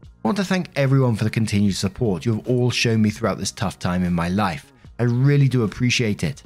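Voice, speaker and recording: Low-voiced man narrating steadily. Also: expressive, brisk, a little mellow, faint music behind. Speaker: narrator of online stories. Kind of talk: scripted narration.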